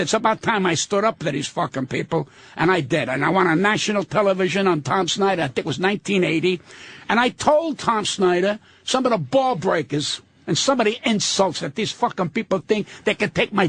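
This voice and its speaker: An older man with a strikingly high, husky voice that swoops up and down as he rants. He is blunt, indignant and swears constantly while telling his stories. He speaks as a guest comedian. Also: a bit bright. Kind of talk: profane storytelling rant.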